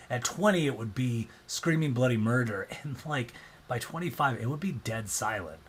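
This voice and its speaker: A man's voice: medium pitch, fairly bright tone, husky. A man presenting a casual explanatory talk, loose and conversational, often acting out quoted reactions.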